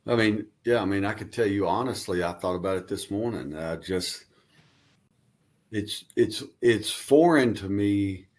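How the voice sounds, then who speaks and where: Low-voiced man giving earnest answers. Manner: earnest, talks in long explanatory runs. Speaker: guest commentator. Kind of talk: casual radio interview.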